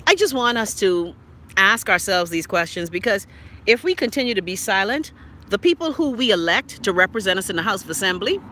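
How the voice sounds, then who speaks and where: A Bahamian woman hosting a casual live stream on her phone, reading viewer comments in a blunt, profane, exasperated way with sharp swings in pitch. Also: slight background noise. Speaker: live stream show host.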